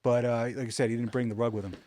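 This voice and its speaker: A man telling stories in a casual, animated way, with many fillers and restarts, recorded in a studio. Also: medium pitch, very fast, dry recording. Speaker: rug artist guest. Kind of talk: casual storytelling.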